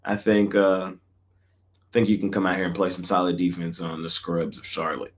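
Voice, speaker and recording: A man hosting a sports betting picks show, talking in a casual, slangy way that often trails off quietly. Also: low voice, level tone, moderate pace.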